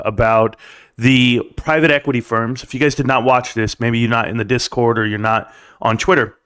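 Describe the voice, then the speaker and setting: A man's voice: mid-range voice, fairly bright tone. A man hosting a live stream, talking casually and emphatically straight to his viewers with rambling asides. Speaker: stock market live streamer.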